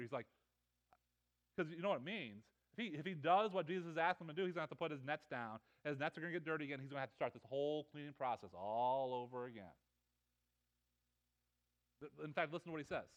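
High-voiced stammering male preacher. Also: fast talker. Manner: animated, stammering repetitions, voice swells and drops. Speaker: pastor. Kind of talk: sermon.

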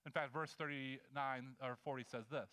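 A man preaching a sermon in a conversational, animated way, acting out the scenes he describes. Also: medium pitch, moderate pace, clean tone. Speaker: pastor.

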